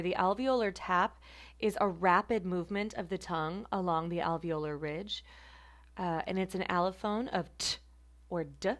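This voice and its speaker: A woman teaching a phonetics class, repeating example words slowly and carefully. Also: fairly low pitch. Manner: careful, deliberate word repetition. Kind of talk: slow online pronunciation lesson.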